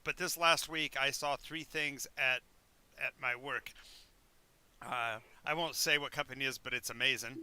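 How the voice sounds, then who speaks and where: A man's voice: mid-range voice, fairly even intonation, normal speed, bright, forceful tone, clean tone, no room sound. A man narrating a tabletop game as game master, rambling into asides and stumbling over repeated words.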